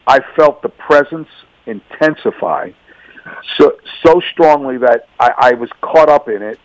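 A man's voice: medium pitch, animated, unhurried, no room sound, low-quality recording. A man telling his personal faith testimony on a radio show, earnest and emphatic, often repeating words and phrases. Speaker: radio guest.

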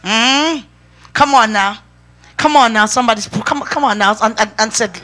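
A woman's voice: fairly high pitch, normal speed, bright, forceful tone. A woman preaching a sermon in an emphatic way, urging the congregation to respond.

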